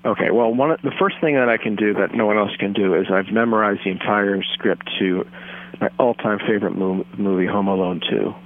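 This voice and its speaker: A man in his thirties on a phone line, telling a rambling, earnest, self-deluded story in a deadpan comic way. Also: lowish voice, fairly quick, slight background noise.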